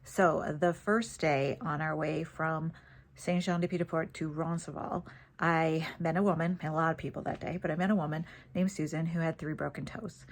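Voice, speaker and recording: Woman, low-pitched voice, casual chat, animated storytelling. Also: normal speed. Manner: chatty, animated, laughs easily. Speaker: vlogger.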